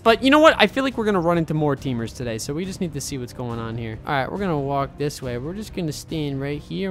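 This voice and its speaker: Young male gaming host, casual and teasing, talks straight to viewers, spikes into loud excitement; faint music underneath. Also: a little high. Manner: chatty, talks to viewers as "boys". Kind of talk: gameplay commentary.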